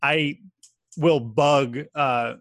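A man's voice: medium pitch, steady tone, extremely slow, a bit bright, no room sound, clean studio sound. An American man co-hosting a podcast, chatty and self-mocking, laughing often. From United States. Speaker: podcast co-host. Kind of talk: casual chat.

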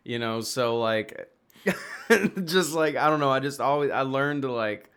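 A man's voice: mid-range voice, unhurried, a bit bright, clear, resonant tone. A young man from Tennessee, chatting as a podcast guest. He rambles from thought to thought, swears freely and laughs often. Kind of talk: casual chat.

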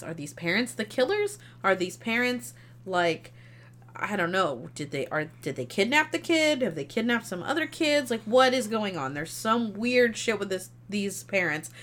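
A woman's voice: medium pitch, expressive, normal speed, a bit bright. A woman co-hosting a podcast, talking bluntly and emphatically with plenty of swearing. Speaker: podcast co-host. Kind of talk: casual movie review chat.

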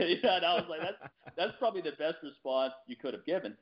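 A man hosting a casual conversation, talking quickly with frequent restarts. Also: on the high side, lively intonation, slight background noise. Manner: fast, restarts often. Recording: dull lo-fi audio.

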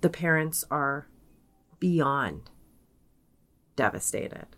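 A young adult woman co-hosts a podcast, casually retelling a story, sprinkling in "like" and quoting people in her own voice. Her voice is low yet fairly bright, with lively intonation and drawn-out words.

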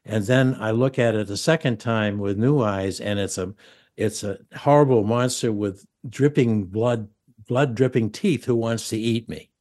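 Older, lower-voiced jokey podcast host. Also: male voice, a little slow. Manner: animated, jokey, laughs at his own stories. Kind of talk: casual podcast conversation.

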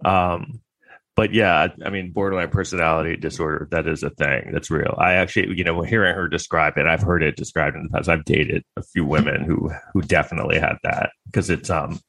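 Low-voiced man, crude rambling sarcasm. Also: steady tone, fairly quick, gravelly, fairly bright tone, dry recording. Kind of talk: comedic monologue.

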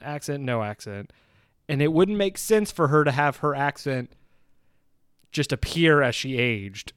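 A man's voice: medium pitch, clean tone, no room sound, studio quality. A man co-hosting a podcast, chatting casually and sarcastically about a film he disliked. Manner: animated, sarcastic, laughs often. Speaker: podcast co-host. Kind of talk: casual movie review chat.

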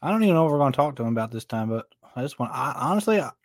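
A man's voice: mid-range voice, big pitch swings, racing, dry recording. A man co-hosts a podcast in a loose, playful way, laughing often and slipping into silly bits. His voice sits mid-range and is picked up close and dry. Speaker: podcast co-host. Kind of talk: casual chat.

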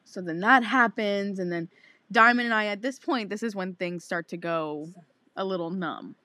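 A young woman in her twenties co-hosting a podcast, telling a story in casual, animated chat with lots of swearing and acted-out quotes. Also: medium pitch, normal speed, dry recording. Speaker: podcast co-host.

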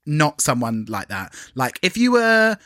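A man co-hosting a podcast in casual chat, animated and giggly, swearing freely. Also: on the high side, measured pace, dry recording, clean studio sound. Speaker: podcast co-host.

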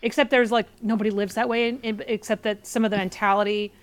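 A woman from Portland, Oregon, talking as a podcast guest and telling a story in an animated, exasperated way. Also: mid-range voice, quick pace. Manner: animated, exasperated, acts out quotes. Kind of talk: casual storytelling.

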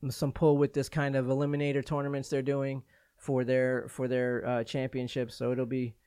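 An easygoing man hosting a casual podcast chat, tossing questions to his co-hosts. His voice sits in a middle pitch and sounds dry and close to the mic, with no room around it. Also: completely flat delivery, moderate pace, dark tone, clear, resonant tone, no room sound. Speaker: podcast host.

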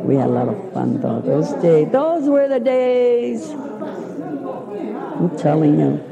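Gravelly older woman reminiscing. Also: fairly high pitch, very animated, unhurried, lo-fi sound, crowd noise. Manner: chatty, rambling, laughs at her own stories. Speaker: interviewee. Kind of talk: reminiscing oral history.

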